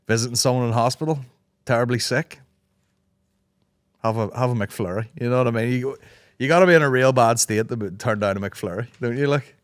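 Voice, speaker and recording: A Northern Irish man in his thirties holds forth alone on his podcast, swearing freely and rambling from joke to joke while he acts out bits of other people's talk. His throat is sore, his pitch sits mid-range, and the close mic sounds very dry, with no room to it. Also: fairly quick, dry recording. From Northern Ireland. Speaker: podcast host. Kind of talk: solo comedic podcast rant.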